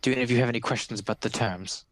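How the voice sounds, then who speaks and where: A man voicing a scheming, coolly menacing noble widow of a powerful necromancer, with a measured delivery. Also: medium pitch, a little hiss or hum, close to an everyday voice.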